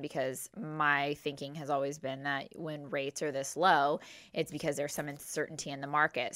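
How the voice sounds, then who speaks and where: A woman co-hosting a podcast in casual chat, reasoning things through in a measured way. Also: sits low, pushed and bright, dry recording, clean studio sound. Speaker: podcast co-host.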